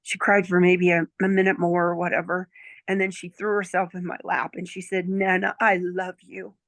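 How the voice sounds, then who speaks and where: Chatty grandmother in her sixties, gravelly. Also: lowish voice, flat delivery, brisk, no room sound. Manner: chatty, checks in with "okay?" and "right?". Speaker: client giving a testimonial. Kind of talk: casual storytelling chat.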